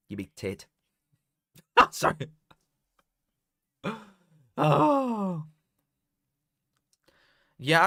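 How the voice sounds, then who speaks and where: A man's voice: on the low side, no room sound, studio quality. A young man, casually commentating on a live match and bantering with chat. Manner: banter with chat, swings from mutters to shouts. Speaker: watchalong streamer.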